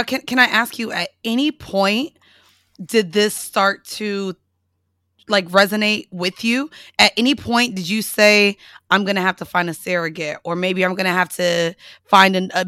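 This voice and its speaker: Brief: woman interview host, bright tone, thoughtful probing delivery. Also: mid-range voice, dry recording, studio quality.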